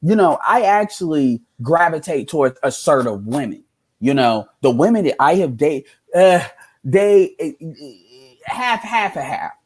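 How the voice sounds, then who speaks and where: A man's voice: a little high, big pitch swings, unhurried, a little mellow, slightly rough. A man giving casual reaction commentary as a streamer, ranting in a heated, profane way.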